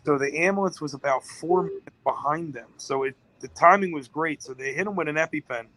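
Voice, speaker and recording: A man's voice: on the high side, fairly quick, a bit bright, rough recording. A man, a business-owner guest on a podcast, telling a long story in an emotional, rambling way.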